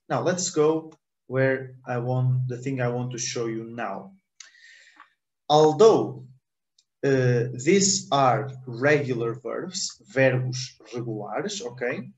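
A man's voice: mid-range voice, darkish tone, reverberant, poor audio. A man teaching a language lesson in English, repeating words and checking understanding with "ok?".

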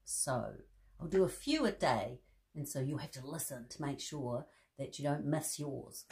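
A woman's voice: a bass voice, animated, a little slow, a little mellow. A woman reading a bedtime story to children in a playful, chatty way, laughing and commenting on the pictures.

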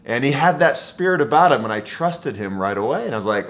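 A man's voice: medium pitch, expressive, a little fast, few pauses, a bit bright. Enthusiastic man telling a travel story. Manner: enthusiastic, conversational. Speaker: travel vlogger. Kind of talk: storytelling to camera.

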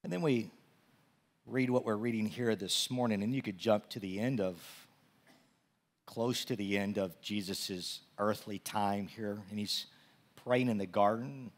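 A male pastor preaching a sermon to his church, often repeating words as he builds from calm teaching to loud, animated storytelling. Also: fairly low pitch, unhurried.

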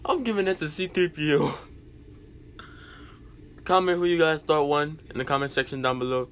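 A young male vlogger reacts to a video and rambles casually to his viewers, loose and full of apologetic asides. His voice is fairly high and fairly bright, his pace moderate, with slight background noise.

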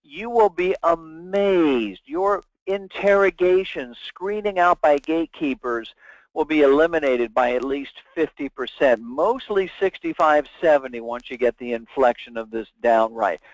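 A man's voice: a little high, unhurried, no room sound. A man giving a webinar lecture as a sales trainer, talking emphatically and acting out sample phone calls. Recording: dull, dry lo-fi webinar audio.

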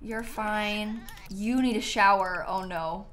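A young woman chatting casually to her viewers while playing a game live, animated and talking back to the game. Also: medium pitch, slow, a little hiss or hum. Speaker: streamer. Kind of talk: casual live-stream gameplay chat. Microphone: headset.

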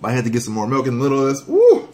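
A man's voice: medium pitch, rapid-fire. Man vlogging a hot sauce challenge. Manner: animated, joking, breaks into whoops and coughs. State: mouth burning from hot sauce. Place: at home.

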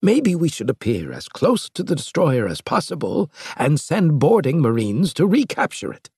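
A man voicing an analytical male professor in an audiobook, reasoning in a measured way. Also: on the high side, huge pitch swings, a little mellow, breathy edge, dry recording, studio quality, pitched above the performer's own voice, heavily acted.

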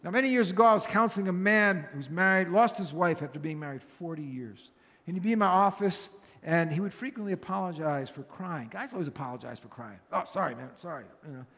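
Man, pastor, high-pitched, earnest sermon, repeats phrases, echoing church hall. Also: animated, fast talker, fairly bright tone.

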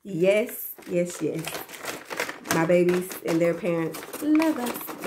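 With a lowish, expressive voice and a slow delivery, a young daycare teacher gushes to the camera about her gifts, repeating herself and talking to viewers as y'all. The casual haul chat has a noisy background.

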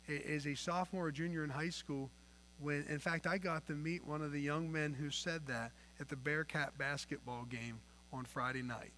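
A male pastor delivers a sermon from the pulpit, earnest and emphatic, his voice sitting a little high for a man. He swings from soft, low passages to louder pushes. A faint mains hum runs under the recording. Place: church sanctuary. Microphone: pulpit mic.

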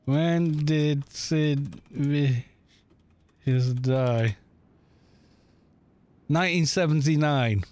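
A man's voice: on the high side, extremely slow, long pauses, a little mellow, dry recording. Chatty British man in his thirties. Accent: British English. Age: 30s. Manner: chatty storyteller, laughs often. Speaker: gaming streamer. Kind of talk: casual live-stream chat. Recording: faint music behind.

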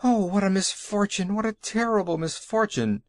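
A fretful cinnamon bun from a storybook, as a man puts it on, wailing high with wide pitch swings. Dry and close. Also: expressive, normal speed, no echo. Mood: distraught.

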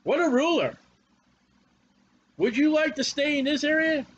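A man's voice: very high-pitched, lively intonation, unhurried, a bit bright, a little hiss or hum, low-quality recording. A man preaching a fiery, confrontational sermon with a lot of repetition.

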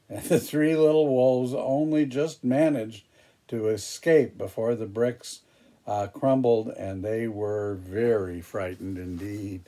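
A man reading a picture book aloud, pausing for chatty, hesitant asides about the pictures. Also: mid-range voice, mellow. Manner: hesitant, with fillers and restarts. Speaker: storybook reader.

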